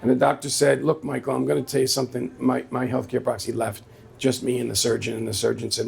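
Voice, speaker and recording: A man's voice: medium pitch, flat delivery, quick pace, gravelly. A man telling a personal story on stage at a live story slam, in a conversational way, quoting the people in it. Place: small venue with a live audience.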